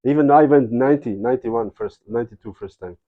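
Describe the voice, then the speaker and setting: A man's voice: mid-range voice, fast, phone-quality sound. A man giving a spiritual lecture, telling stories in a casual, digressive way and often adding "you know". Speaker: spiritual teacher. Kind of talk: devotional lecture with storytelling.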